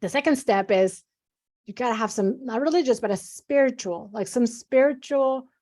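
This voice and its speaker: Middle-aged woman, physician guest, earnest and animated, fairly high voice. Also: normal speed. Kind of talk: conversational interview.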